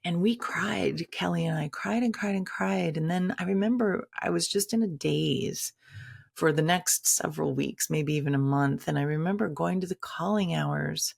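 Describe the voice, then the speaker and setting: A woman's voice: lowish voice, normal speed, gravelly, breathy edge. A woman telling a personal story in a candid, conversational way, acting out quoted lines dramatically. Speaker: shaman and teacher.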